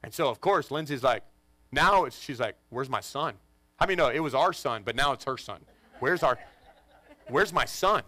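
A man in his forties, a pastor telling a funny family story to his congregation in an animated, joking way. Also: mid-range voice, fairly quick, dry recording. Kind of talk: storytelling sermon. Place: church in front of a congregation.

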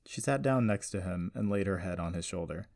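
A man reading a scripted story aloud in a steady, even-paced narration. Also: low voice, fairly quick, no echo, studio quality.

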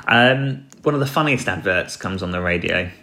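Brit guy doing a solo podcast recap, lowish voice, chatty and rambly, lots of ums. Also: animated, normal speed, pushed and bright. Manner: rambling and chatty, with dry jokes and many ums. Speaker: podcast host.

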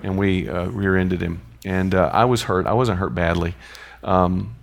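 Gravelly-voiced man teaching Bible. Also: sits low, fairly even intonation, measured pace. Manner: conversational, chuckling asides. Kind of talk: informal Bible teaching with personal stories.

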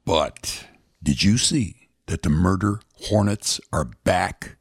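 A man's voice: deep voice, slow pace, creaky, slightly rough, dry recording, clean studio sound. A man in his seventies hosting a rambling, folksy one-man commentary, chatting casually and drifting from topic to topic. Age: 70s.

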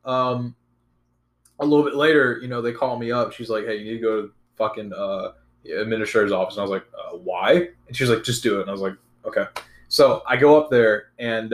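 A man's voice: mid-range voice, a little fast, roomy sound. A young man telling a story in laid-back casual chat, swearing often.

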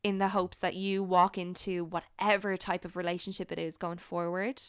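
A young woman hosting a solo podcast, talking in an earnest, encouraging way with frequent pauses. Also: fairly low pitch, flat delivery, clear, resonant tone, no echo, studio quality. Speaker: podcast host. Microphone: studio microphone.

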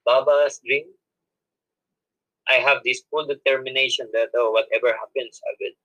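A man's voice: medium pitch, steady tone, normal speed, fairly bright tone, poor audio. A man, a monk guest, telling a personal story in an interview with many restarts and self-corrections and frequent laughs. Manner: laughs often while telling.

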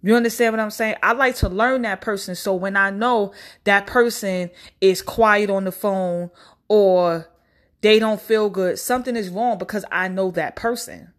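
A young woman ranting bluntly to camera in a casual, profane and animated way. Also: medium pitch, moderate pace. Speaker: vlogger.

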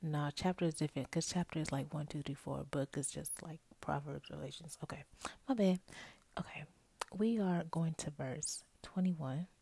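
A woman's voice: low-pitched, normal speed, gravelly, dark tone, breathy edge. A young woman hosting a podcast, talking casually and mostly in a whisper into an earphone microphone, correcting herself as she goes. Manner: chatty, self-correcting, talks to listeners as y'all. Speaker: podcast host. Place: bedroom at night, roommate asleep nearby. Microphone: earphone microphone held close.

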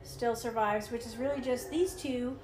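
A woman chatting casually about a movie, full of "like" and quick to argue her point. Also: a little high, fairly even intonation, a little mellow. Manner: chatty, lots of "like", argumentative. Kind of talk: casual movie commentary chat. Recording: roomy room with faint noise.

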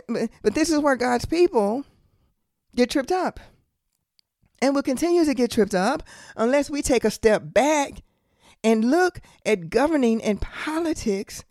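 A fairly high-voiced woman preaches with insistence, hammering points home by repeating them and asking pointed rhetorical questions. Her talk slips into casual, folksy asides. The recording is close and dry, with no room sound. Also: a little mellow, no echo. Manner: emphatic, repeats phrases for stress, rhetorical questions; colloquial asides. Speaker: podcast host and Bible teacher. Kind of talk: preaching monologue.

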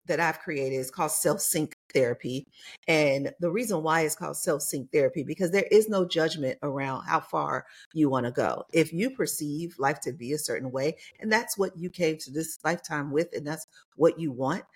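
A woman talks as a podcast guest about her therapy method. She speaks in a husky, breathy tone and keeps restarting her sentences. Her delivery stays earnest and explanatory. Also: sits low. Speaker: therapist and company founder.

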